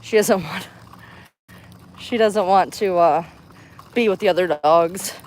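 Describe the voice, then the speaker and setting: On a casual live walk-and-talk in a park, a woman speaks slowly in a lowish voice into her handheld phone, with a little hiss or hum on the recording. Slightly winded and talkative, she brightens into chirpiness when addressing people passing by.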